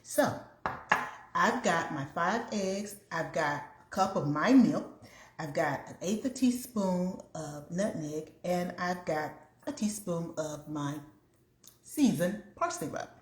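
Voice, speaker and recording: Casting: woman host of a home cook-along, slightly low voice, chatty, echoey kitchen. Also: expressive, takes it slowly, noisy background. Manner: chatty, talks to viewers while cooking. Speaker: home cooking show host. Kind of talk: casual cook-along chat.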